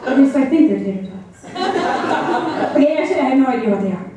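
A woman's voice: high voice, animated, quick pace, lo-fi sound, a crowd in the background. A woman in her thirties doing a brash, profane comic monologue on stage, talking straight to the audience. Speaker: mother performing a one-woman comedy show. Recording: echoey room picked up from far off with background noise.

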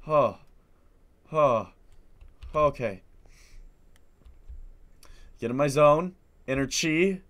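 Young guy w a stuffy nose playing a horror game, high bright voice, mutters low then screams, slow talker. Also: lively intonation. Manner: jumpy, swings from low muttering to sudden screams. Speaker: gaming video host.

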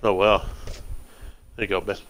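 A man's voice: low voice, moderate pace, a little hiss or hum. Casual, laughing American man streaming live. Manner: relaxed, chatty, laughs often, talks to stream chat. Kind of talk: casual chat while gaming.

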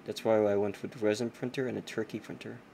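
A man's voice: lowish voice, fairly even intonation, fast talker, creaky, mellow, slight background noise. A man streaming a game, chatting casually with swearing and self-mocking asides. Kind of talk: casual gameplay commentary.

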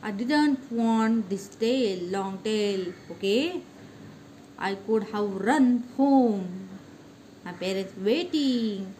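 A woman's voice: mid-range voice, drawn-out words, mellow, a little hiss or hum, rough recording. A woman voicing a worried young female rabbit stuck by her tail in a storybook reading. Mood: regretful. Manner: fretful, pleading.

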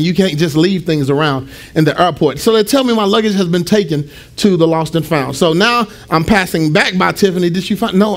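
High-voiced animated preaching man. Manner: animated, acts out dialogue in the story. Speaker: pastor. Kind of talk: storytelling sermon.

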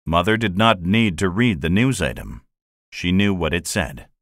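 A man reading a children's classic aloud as narrator, in a measured, expressive manner. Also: low-pitched, no echo, clean studio sound. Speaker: audiobook narrator. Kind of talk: scripted narration.

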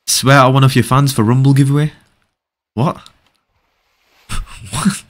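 A man's voice: medium pitch, fairly even intonation, unhurried. A young man, streaming a game live and reading viewer chat aloud, teasing and bantering with his audience. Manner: joking banter, teasing viewers, frequent laughs.

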